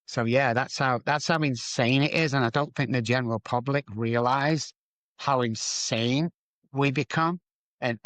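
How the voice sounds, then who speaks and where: Male guest, mid-pitch, emphatic and repetitive, dry close recording. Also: fairly bright tone, no room sound. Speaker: guest, addiction recovery doctor. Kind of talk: candid interview storytelling.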